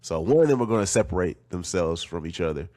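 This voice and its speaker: A man's voice: sits low, lively intonation, fast, dark tone. A man hosting a podcast, talking casually and enthusiastically with a guest. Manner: enthusiastic, conversational. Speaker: podcast host.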